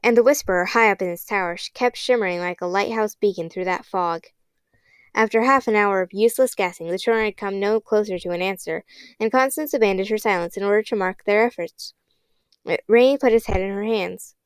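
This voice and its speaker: A woman reads a children's novel aloud in a steady, expressive storybook narration. Her voice is mid-pitched, smooth and clear. The recording is close and dry, with no room sound. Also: a little fast, no room sound. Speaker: audiobook reader.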